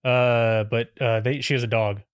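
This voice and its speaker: A man's voice: medium pitch, little pitch movement, normal speed, clean tone, no room sound. A man co-hosting a podcast, chiming in with brief, dry remarks. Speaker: podcast co-host. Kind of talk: casual podcast chat.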